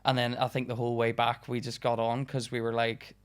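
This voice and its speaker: Young male comic, mid-pitched voice, loose and chatty, laughs a lot, casual swearing. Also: monotone, brisk, clean tone. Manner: chatty, swears, laughs often, many fillers. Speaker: stand-up comedian, guest. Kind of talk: casual podcast chat.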